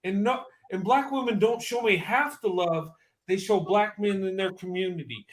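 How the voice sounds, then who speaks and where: Man in his fifties, high-pitched voice, impassioned testimony, emphatic and repetitive. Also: moderate pace. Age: 50s. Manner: emotional, emphatic, repeats himself.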